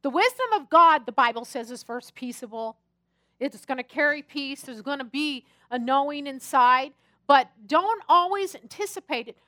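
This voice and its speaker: Bright, high-voiced woman preaching. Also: moderate pace, dry recording, clean studio sound. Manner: animated, chatty and humorous storytelling. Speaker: pastor. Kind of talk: sermon with personal stories.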